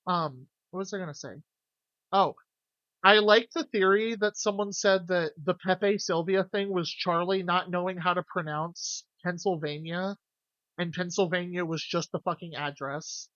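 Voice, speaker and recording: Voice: medium pitch, steady tone, measured pace, a bit bright, no echo, lo-fi sound. A streamer chatting casually with viewers, jokey and loose, swearing freely. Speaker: game streamer.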